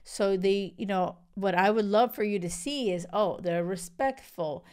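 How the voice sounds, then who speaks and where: A woman in her thirties hosts a podcast, talking through relationship advice in a loose, chatty way. Her voice is smooth and clear at a middle pitch. She peppers her talk with "like" and "right?", and she often drops into little acted-out quotes. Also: unhurried. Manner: chatty, animated, fillers like "like" and "right?". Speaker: podcast host. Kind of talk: casual advice monologue.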